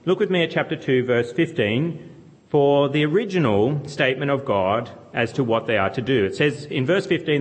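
A man's voice: medium pitch, animated, normal speed. A man preaching a sermon, teaching earnestly and asking his listeners questions as he goes. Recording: long hall reverb.

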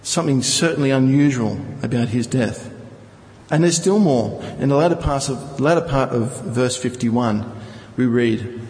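A man's voice: medium pitch, normal speed, darkish tone, in a large hall, poor audio. A male preacher teaching from scripture, reading verses and explaining them with rhetorical questions. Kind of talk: Bible teaching sermon.

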